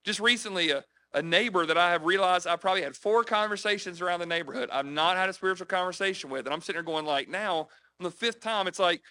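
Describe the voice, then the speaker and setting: A man's voice: high-pitched, fast talker, bright, forceful tone. A man from South Carolina, preaching in a chatty style, telling personal stories and checking in with the audience. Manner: chatty, frequent "right? okay?" check-ins with listeners. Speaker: preacher teaching on evangelism. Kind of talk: conversational sermon with personal stories.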